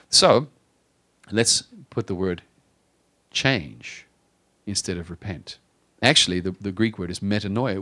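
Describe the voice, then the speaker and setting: Man preaching a casual, animated sermon. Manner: conversational, self-deprecating, with acted quotes; rises in pitch and volume for emphasis, slows on key phrases. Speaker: pastor.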